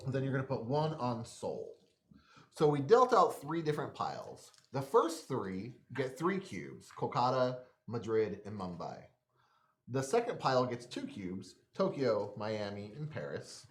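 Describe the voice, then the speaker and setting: A man's voice: medium pitch, huge pitch swings, measured pace. A man hosting a board game night, talking in a playful, joking way while setting up the game. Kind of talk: casual game-night chat. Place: live-stream studio.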